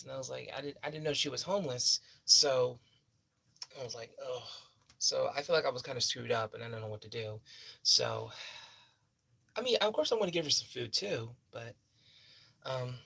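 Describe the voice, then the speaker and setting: A young man telling a personal story in a rambling, halting way, full of fillers and restarts. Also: a little high, creaky, fairly bright tone. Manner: halting, repeats himself, many fillers and restarts.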